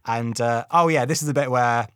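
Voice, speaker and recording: Man, comedian, rambling casual storytelling, chuckles, slow dramatic emphasis, dry close sound. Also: mid-range voice, fairly bright tone, clear, resonant tone, dry recording.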